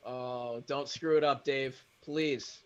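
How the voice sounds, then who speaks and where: A man's voice: medium pitch, fairly even intonation, takes it slowly, clean tone, muffled recording. A man co-hosting a live sports draft reaction, anxious and talking himself through his opinions. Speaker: sports show co-host.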